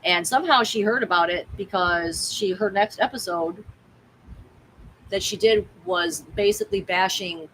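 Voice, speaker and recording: A woman's voice: medium pitch, moderate pace, a bit bright, slight background noise, rough recording. A woman who hosts a tarot livestream, chatting in a candid, rambling way and swearing bluntly. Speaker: tarot reader and livestream host. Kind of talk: casual livestream chat.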